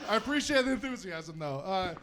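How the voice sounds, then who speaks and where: A man from Utah performing a stand-up comedy set on stage, animated and self-deprecating, chatting with the crowd. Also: high-pitched, a little fast, a little hiss or hum. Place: comedy stage before a live audience.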